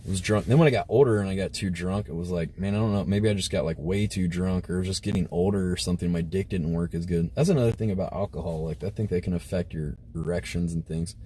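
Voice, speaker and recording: A livestream host tells a crude story to his live chat, rambling casually with plenty of filler words. His voice is low and warm, he talks quickly with few pauses, and there's a little hiss or hum in the background.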